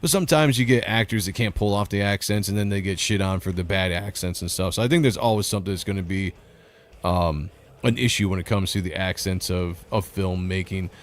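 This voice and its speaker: A man hosts a casual livestream, reading out chat comments and responding with blunt opinions. His voice is low-pitched and brisk, and he laughs often.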